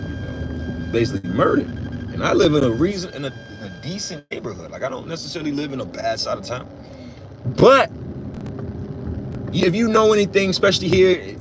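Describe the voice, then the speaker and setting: A man giving a casual, preachy religious monologue, blunt and profane, with loud emphatic bursts. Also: mid-range voice, noisy background. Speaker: religious commentator.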